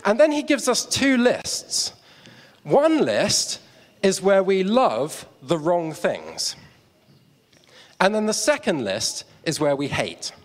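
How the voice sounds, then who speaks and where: A man's voice: high-pitched, very animated, slow pace. A man preaching a sermon on stage, telling a story with props and chatty asides to the audience. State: out of breath. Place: church hall stage. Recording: long hall reverb.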